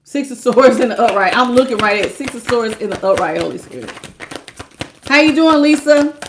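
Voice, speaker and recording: Talkative lady doing a live tarot reading, kinda high voice, loose and laughing. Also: normal speed, noisy background. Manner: lively, talkative, laughs often, calls viewers baby. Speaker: tarot reader.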